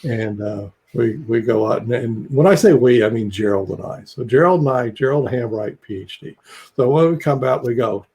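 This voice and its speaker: A man's voice: mid-range voice, animated, normal speed, a little mellow, slightly rough. An older man telling stories on a video call, rambling along with fillers and chuckles. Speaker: psychologist guest. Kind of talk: casual video call talk.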